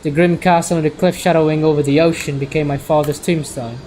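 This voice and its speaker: A man's voice: a little high, steady tone, quick pace, a little mellow, slight background noise, rough recording. A man streaming as he reads a visual novel aloud, often stumbling and correcting his words.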